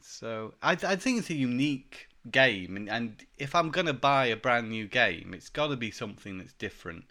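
Bright-voiced man chatting casually. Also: medium pitch, lively intonation, moderate pace, few pauses. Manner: rambling, hesitant, many fillers. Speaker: podcast co-host. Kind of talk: casual chat about video games.

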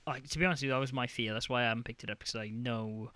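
A man's voice: mid-range voice, steady tone, bright, forceful tone, no echo. A man, co-hosting a casual chat about video games, joking and bantering. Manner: jokey, quick to banter. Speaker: podcast co-host.

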